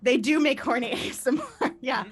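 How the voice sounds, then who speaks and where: A woman in her thirties performing a live stand-up set, animated and laughing through her punchlines. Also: sits high, brisk. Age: 30s. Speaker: stand-up comedian.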